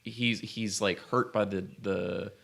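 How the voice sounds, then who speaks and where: A man's voice: fairly low pitch, steady tone, slow, vocal fry, a bit bright. A young man co-hosting a podcast, talking casually about a film and thinking aloud with many fillers. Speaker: podcast co-host.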